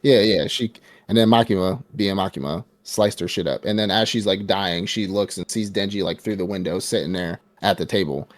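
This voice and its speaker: A low-pitched man in a relaxed podcast chat, breaking down a film scene with energy and frequent laughter. He slips into playful impressions of the characters as he goes. The sound is close and dry. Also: fairly quick, no echo. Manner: animated retelling, acts out characters' lines, laughs often. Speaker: podcast co-host. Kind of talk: casual movie review chat.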